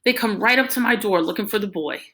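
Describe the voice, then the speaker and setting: A woman voicing a nervous, jittery bearded man who talks fast and pleads. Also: medium pitch, pushed and bright.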